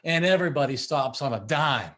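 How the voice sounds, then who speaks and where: A middle-aged man, a musician and podcast guest, telling a story in a lively way and acting out the voices he quotes. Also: on the high side, a little fast. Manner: acts out quoted voices, laughs while telling. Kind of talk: animated storytelling in conversation.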